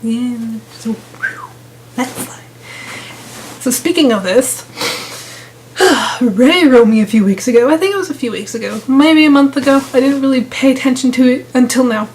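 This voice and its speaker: A woman's voice: sits high, animated, a little slow, long pauses, a little mellow, a little hiss or hum, rough recording. A young woman vlogging casually about online gaming drama, sarcastic and exasperated, rambling with restarts. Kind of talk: casual ranting vlog.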